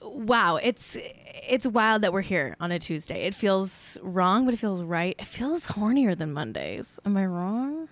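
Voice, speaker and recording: A woman's voice: medium pitch, sing-song, a little slow, hardly any pauses, no room sound. A woman hosting a casual live-streamed show, joking around and riffing playfully. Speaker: show host.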